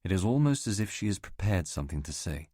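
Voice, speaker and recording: A man narrating a novel as an audiobook reader, in a measured, even delivery. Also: low voice, dry recording, clean studio sound. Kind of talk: scripted narration.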